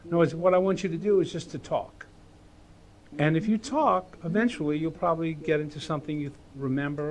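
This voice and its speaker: Man, writing teacher, animated, casual teaching, acts out voices, slightly high voice. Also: brisk.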